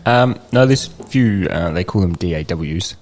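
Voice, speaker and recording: A man with a New Zealand accent, a DJ and producer, talking about his music in a relaxed, plainspoken way. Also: deep voice, moderate pace, a little hiss or hum. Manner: easygoing, plainspoken, many fillers. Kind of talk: casual interview chat.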